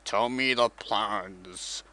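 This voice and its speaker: A man voicing a cold, commanding male space villain in a slow, deep, drawn-out tone, as part of a casual comic retelling. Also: sharp tone, exaggerated voice. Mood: menacing.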